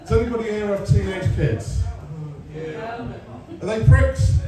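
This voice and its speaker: An English man in his forties performs stand-up on a comedy club stage, sarcastic and sweary, telling stories and bantering with the crowd. His high-pitched voice is animated and slow. The mic picks him up from afar in a roomy live venue, with the crowd and their laughter audible.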